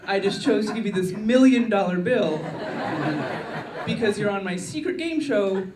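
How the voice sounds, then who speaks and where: A woman doing a stand-up routine with a wry, deadpan delivery in a comedy club. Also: mid-range voice, moderate pace, far from the mic, background noise. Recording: echoey club miked from afar, crowd laughter.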